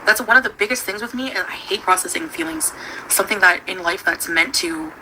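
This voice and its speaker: A woman's voice: mid-range voice, expressive, brisk, sharp tone. Rambling woman livestreaming at home. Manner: rambling, chatty, with frequent laughs and fillers. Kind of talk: casual livestream chat. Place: at home with her pets. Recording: noisy home stream recording.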